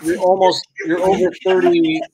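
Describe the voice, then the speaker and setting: A man's voice: sits high, steady tone, normal speed, gravelly, darkish tone, husky. A man in casual chat, playful and teasing, stretching out each reveal. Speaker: guest presenter.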